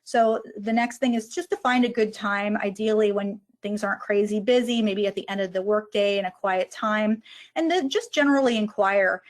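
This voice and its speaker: A woman's voice: mid-range voice, moderate pace. A woman giving an online lecture on physician well-being, explaining step by step how to approach a struggling colleague. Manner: explanatory, models conversations step by step.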